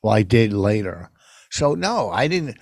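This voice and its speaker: A man's voice: fairly low pitch, sing-song, unhurried, dry recording, studio quality. An older man co-hosting a podcast, telling stories in a rambling, defensive way. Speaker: podcast co-host. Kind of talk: casual chat.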